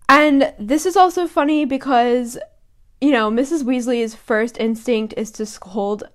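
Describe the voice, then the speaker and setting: Bubbly young woman, slightly high voice. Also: unhurried. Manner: bubbly, giggly, acts out quotes in voices. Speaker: podcast co-host. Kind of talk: casual book discussion with read-aloud quotes.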